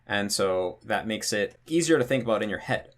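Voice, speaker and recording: A man teaching in a relaxed explanatory tutorial, thinking aloud with frequent fillers. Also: lowish voice, normal speed. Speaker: language teacher.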